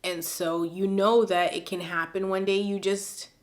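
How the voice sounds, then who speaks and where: A woman vlogger chatting casually and emotionally about viewer letters, teary and expressive, with lots of fillers. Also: medium pitch, measured pace. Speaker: advice vlogger.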